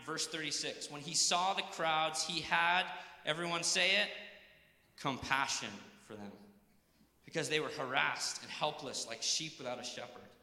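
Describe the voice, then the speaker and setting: A man's voice: high-pitched, bright, forceful tone. A man preaching earnestly at a church conference, leading the audience in call-and-response. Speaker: pastor. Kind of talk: conference sermon. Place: conference hall. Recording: echoey hall, live PA sound.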